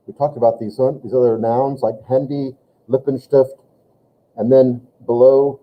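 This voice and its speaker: Male teacher in a classroom, slightly high voice, slow and deliberate delivery, muffled lo-fi sound. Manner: slow, deliberate reading of phrases. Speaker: German teacher. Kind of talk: classroom lesson.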